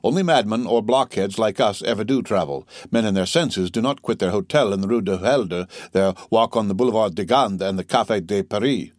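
A man doing a flippant young French gentleman who teases and mocks in a breezy tone. The voice is lowish and recorded dry and close. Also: fairly quick, few pauses, no room sound, lightly acted. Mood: mocking. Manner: breezy, teasing.

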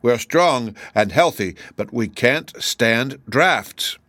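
A man's voice: mid-range voice, lively intonation, slow, a bit bright, no room sound, studio quality. A man voicing a small paper toy soldier who is indignant and fussy, in a storybook reading.

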